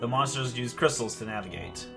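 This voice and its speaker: A man's voice: medium pitch, brisk, vocal fry, music in the background. A young man giving casual, self-deprecating commentary while playing a video game and reading its text aloud. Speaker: let's play host.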